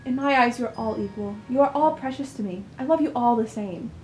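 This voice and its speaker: A woman's voice: on the high side, fairly quick, a little mellow, reverberant, faint music behind, close to an everyday voice. A woman voicing a cold, proud mother of a wealthy family, stern and dismissive. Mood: soothing.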